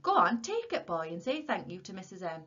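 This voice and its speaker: A woman voicing a gruff, curt older countryman. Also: fairly low pitch, lively intonation, fast. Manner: curt, muttering. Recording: dull lo-fi recording.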